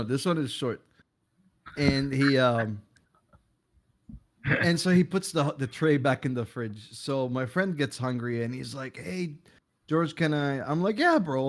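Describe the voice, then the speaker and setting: A man in casual chat, telling a rambling story and laughing often. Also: mid-range voice.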